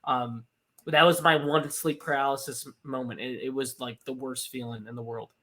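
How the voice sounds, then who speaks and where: A man's voice: mid-range voice, normal speed. A young man co-hosting a podcast, telling a personal story in casual chat, swearing often and restarting lines. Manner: animated, swears often, many fillers and restarts. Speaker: podcast co-host.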